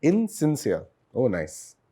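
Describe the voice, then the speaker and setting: A man's voice: medium pitch, wildly swooping pitch, slow pace, dark tone, a little hiss or hum. A man, a comedian guest rambling through playful, joking riffs in casual chat.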